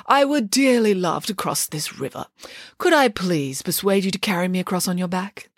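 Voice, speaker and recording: A silver-tongued male scorpion from a storybook reading, courteous to a fault, his lines pitched a touch high and full of lift, as a woman puts him on. The recording is close and dry. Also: sing-song, a little slow, husky, dry recording, full character voice. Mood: polite. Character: excessively polite male scorpion, smooth talker.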